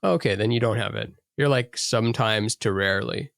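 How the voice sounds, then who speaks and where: A man's voice: fairly low pitch, brisk, creaky, fairly bright tone, no room sound. A man co-hosting a casual podcast, answering with dry, wry humor. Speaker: podcast co-host.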